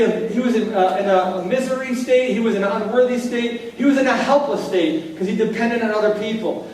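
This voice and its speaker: Man, pastor, very high voice, conversational sermon, drawn-out emphasis, echoey hall from far off. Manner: conversational preaching, drawing out key lines. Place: church hall.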